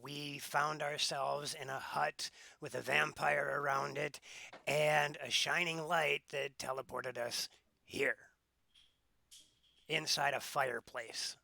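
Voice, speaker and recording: A man's voice: a little high, steady tone, takes it slowly, creaky, pushed and bright. A man playing his character in a tabletop game, blunt and defiant. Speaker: player. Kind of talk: in-character tabletop role-play.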